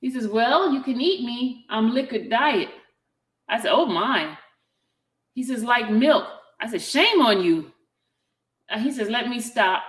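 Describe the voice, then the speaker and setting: A woman's voice: fairly high pitch, lively intonation, unhurried, long pauses. A woman vlogger chatting casually while reading out text messages aloud, adding her own asides between them. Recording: roomy echo.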